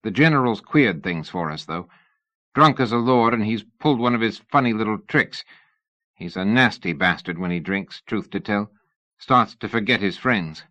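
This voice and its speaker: A man's voice: lowish voice, expressive, moderate pace, sharp tone, no echo, dull audio. A man reading the lines of a streetwise, blunt rogue. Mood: gruff. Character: cocky streetwise London man, gruff and blunt.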